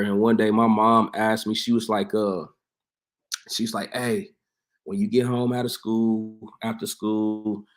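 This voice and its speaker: Laid-back man telling kitchen stories. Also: on the low side. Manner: laid-back, laughs often, animated when quoting others. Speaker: interview guest, barber and home cook. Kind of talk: casual conversational storytelling.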